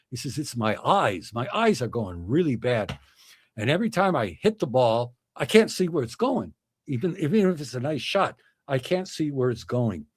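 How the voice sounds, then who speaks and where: Middle-aged male streamer, lively pitch, slightly husky, dry close sound. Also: normal speed, dry recording. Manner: chuckling, acts out joke voices with big pitch swings. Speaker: livestream host. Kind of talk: casual chat, reading viewer comments and telling jokes.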